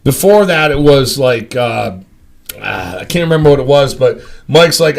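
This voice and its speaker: A man's voice: medium pitch, expressive, moderate pace, vocal fry. A man telling a rambling, profane story among friends. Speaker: storyteller on a live stream.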